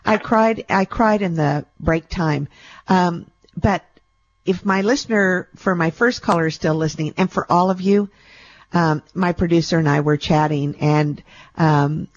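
A woman's voice: low-pitched, darkish tone, lo-fi sound. A woman hosting a call-in radio show, chatty and affectionate, calling callers sweetie and darling. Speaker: radio show host and intuitive reader.

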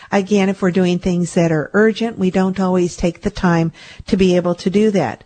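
Woman hosting a spiritual talk show, lowish voice, earnest, repeats herself to reassure you. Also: a little mellow. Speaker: host and energy healer. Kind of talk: spiritual self-help radio talk.

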